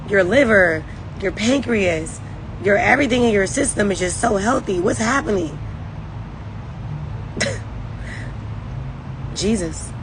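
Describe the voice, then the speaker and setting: A woman in a casual livestream gives a rambling, emphatic, faith-driven pep talk to her sales team. Her voice sits at an ordinary middle pitch. A steady hum of background noise runs under the phone recording. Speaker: network marketing team leader.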